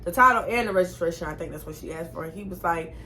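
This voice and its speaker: Young woman vlogger, bright voice, chatty storyteller who cusses freely. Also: fairly low pitch, fast talker, slight background noise. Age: 20s. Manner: animated, chatty, swears freely. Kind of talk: casual storytime.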